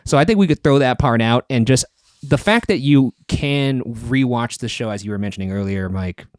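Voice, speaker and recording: A man co-hosting a casual podcast chat, animated and quick to joke. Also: medium pitch, dry recording, studio quality. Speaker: podcast co-host.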